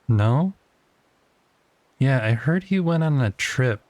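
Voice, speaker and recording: A man's voice: mid-range voice, lively intonation, takes it slowly, darkish tone, dry recording. A man livestreaming a game, casually chatting with his viewers and teasingly talking to the creatures he meets.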